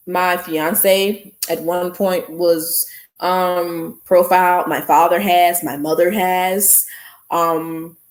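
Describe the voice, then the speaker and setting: A woman's voice: fairly low pitch, echoey room. A woman, telling a story to her listeners in a blunt, casual podcast monologue. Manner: animated, blunt, addresses listeners as y'all. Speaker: podcast host.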